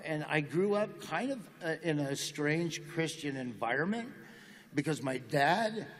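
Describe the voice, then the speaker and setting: Joking folksy man in a big reverberant hall. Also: fairly high pitch. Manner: folksy, deadpan jokes. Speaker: comedian interview guest. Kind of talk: joking interview talk. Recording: long reverb of a large hall.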